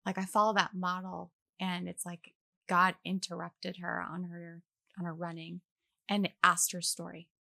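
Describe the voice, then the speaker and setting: Young woman guest, bit low and gravelly, lively, does little voices in her stories, dry close mic. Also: unhurried, no room sound. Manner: animated, acts out quoted voices. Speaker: guest, actress. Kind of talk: casual faith conversation.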